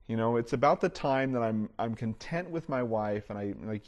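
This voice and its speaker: A man's voice: lowish voice, fairly even intonation, normal speed, a little mellow, highs cut off. Middle-aged guy preaching, loose and chatty, lots of "you know"s and restarts. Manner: casual, frequent "you know" fillers and restarts. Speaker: pastor. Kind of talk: conversational sermon.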